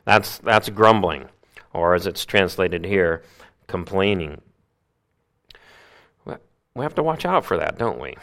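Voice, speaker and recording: Male pastor, low voice, animated sermon, loud peaks and hushed asides. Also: smooth. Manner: acts out grumbling voices.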